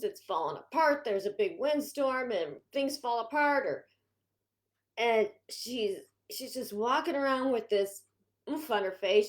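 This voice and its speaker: Brief: woman consultant, chatty and meandering, bright high voice. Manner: rambling, chatty, frequent restarts. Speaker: home organizing consultant. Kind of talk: casual vlog talk.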